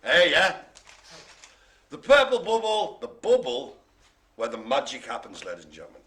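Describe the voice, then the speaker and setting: A man's voice: on the high side, huge pitch swings, normal speed, pushed and bright. Jokey man calling bingo. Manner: jokey, playful, showman-like. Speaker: bingo caller and host. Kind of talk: live-streamed bingo hosting.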